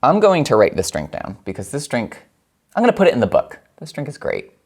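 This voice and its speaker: A man's voice: mid-range voice, wildly swooping pitch, brisk, husky. A man hosting a home cocktail show, chatting playfully as he mixes and tastes drinks and laughing often. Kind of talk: casual cocktail demo.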